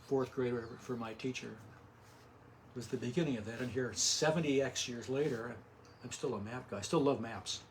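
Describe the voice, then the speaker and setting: An older man talks about his art in a small home studio, with a mid-range voice. He speaks quietly and tends to trail off and restart his thoughts. A faint hum of the room sits under him. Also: medium pitch, fairly quick. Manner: soft-spoken, trails off and restarts. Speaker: artist guest. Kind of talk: casual interview.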